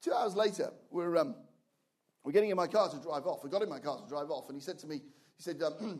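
An older man, preaching and telling a personal testimony, his storytelling building to loud, fervent shouting. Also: on the high side, animated, fast talker. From England. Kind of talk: sermon testimony.

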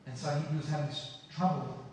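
An Australian man telling a personal story in a filmed interview, earnest and halting with restarts. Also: fairly high pitch, fairly even intonation, darkish tone, a little hiss or hum. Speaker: interview guest. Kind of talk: testimony interview. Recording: video played back in a hall, far off and echoey.

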